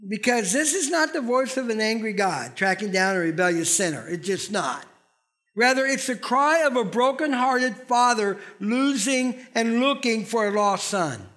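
A middle-aged man preaching with a strikingly high-pitched voice. He leans on emphatic, conversational delivery and keeps putting questions to the congregation. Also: expressive, moderate pace, fairly bright tone. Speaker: pastor. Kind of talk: sermon.

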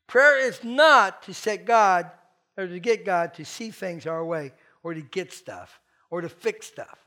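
A man preaching a sermon as pastor, talking conversationally and swinging from soft asides to loud, emphatic lines. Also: high voice.

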